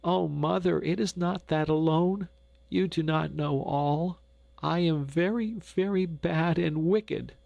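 A man voicing a frightened poor little girl who pleads with a high, trembling, tearful voice in a storybook reading. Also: takes it slowly, vocal fry, darkish tone, no room sound, highs cut off.

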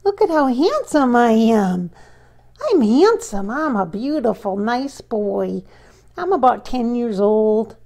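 A woman voicing her shy ten-year-old male schnauzer, speaking slowly and sweetly about how handsome he is. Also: on the high side, very animated, a little mellow, exaggerated voice. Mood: proud. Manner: slow, sweet, self-admiring.

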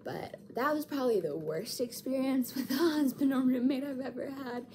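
A woman's voice: high voice, moderate pace, a little mellow, slight background noise. A young woman in her twenties filming in a hospital room, animatedly telling a story with dramatic asides. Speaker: vlogger. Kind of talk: casual storytelling.

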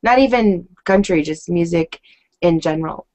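A woman's voice: fairly low pitch, normal speed, darkish tone. A woman hosting an online music chat, asking questions in a chatty, upbeat way. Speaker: host. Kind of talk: casual interview chat.

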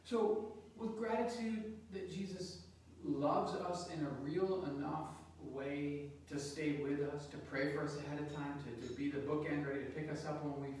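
A male priest reading the gospel and preaching a homily at Mass in a conversational, halting way, repeating words as he goes. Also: a little high, steady tone, darkish tone. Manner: conversational, halting, with frequent word repetitions. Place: large church. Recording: very echoey church from far off, faint noise.

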